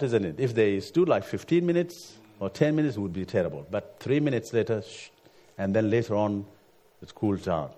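Halting preacher man, frequent restarts. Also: medium pitch, a little mellow. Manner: halting, repeats words, frequent "you see". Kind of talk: sermon with personal story.

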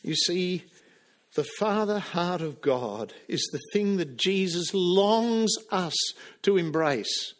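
Male preacher, sermon, impassioned delivery, slow deliberate pace, sweeping pitch. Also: expressive. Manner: impassioned, acts out quoted lines.

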